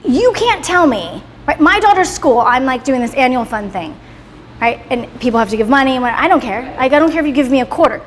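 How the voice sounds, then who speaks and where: High-voiced woman leading a motivational class. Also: lively intonation, a little fast. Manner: emphatic, swears freely, ends points with "right?". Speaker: class leader. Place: salon in a roomy hall. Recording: reverberant room, faint background noise.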